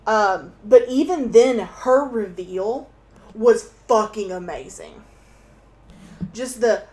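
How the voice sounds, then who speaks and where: A young woman chatting casually at home as a stream guest, excitable and swearing freely, sometimes bursting into loud laughing shouts. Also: on the high side, slow pace. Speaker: guest co-host on an art stream. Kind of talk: casual chat.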